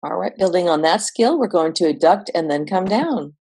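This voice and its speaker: A woman vocal coach explaining singing exercises in a relaxed, instructional way. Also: lowish voice, moderate pace, gravelly, breathy edge. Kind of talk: instructional voice lesson.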